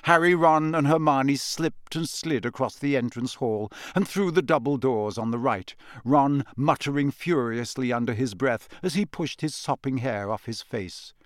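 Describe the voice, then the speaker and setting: A man's voice: mid-range voice, dry recording. Man narrating an audiobook, dry close sound. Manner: measured, expressive storytelling. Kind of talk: scripted narration.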